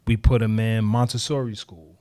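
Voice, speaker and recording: A man, a podcast guest who talks calmly and explains things plainly. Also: fairly low pitch, normal speed, no room sound. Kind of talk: casual chat.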